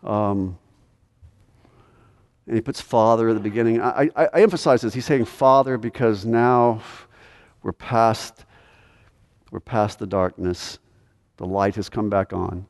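A man preaching a sermon as pastor, emphatic, swinging from hushed to loud. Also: on the low side, measured pace, pauses often. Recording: long reverb of a large hall.

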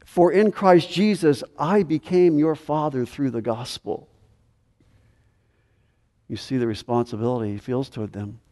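Mellow-voiced preacher man in a reverberant hall. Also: medium pitch, steady tone. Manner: measured teaching with emphatic rises. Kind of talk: expository sermon.

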